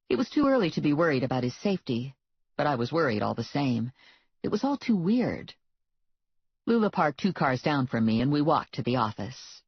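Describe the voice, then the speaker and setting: An audiobook narrator reading a first-person comic novel in a wry, deadpan manner. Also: mid-range voice, husky, no echo. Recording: dull lo-fi, dry.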